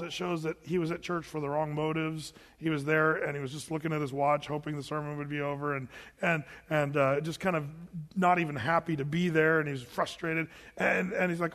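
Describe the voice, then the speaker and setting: Pastor, male, high-pitched and lively, preaching in a church sanctuary with a long hall reverb, acts out the voices he quotes. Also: brisk. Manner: animated, acts out quoted voices, fillers and restarts. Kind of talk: sermon.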